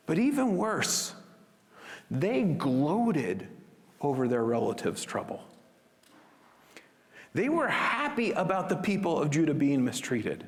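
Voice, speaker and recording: A man preaching a sermon with a lively, swooping delivery and a voice that sits slightly high. He leans into phrases and sometimes drops to a hush for emphasis. The sound carries a long hall reverb. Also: unhurried, pauses often. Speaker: pastor.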